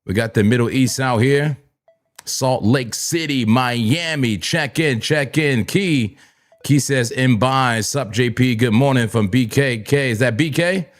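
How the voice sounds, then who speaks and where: A man from New Jersey with a Jersey accent, hosting a live trading stream, hyped and repetitive, giving shout-outs and laughing often. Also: mid-range voice, unhurried. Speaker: crypto trading livestream host. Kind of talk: live-stream chat and market talk.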